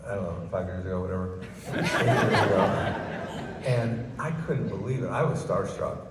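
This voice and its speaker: A man's voice: low-pitched, normal speed. An older man, a comedian, telling stories on stage in a chatty, self-amused way, in a large ballroom. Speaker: guest comedian. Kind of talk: storytelling on stage. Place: large ballroom at a book festival. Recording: echoey hall, far from mic, noisy.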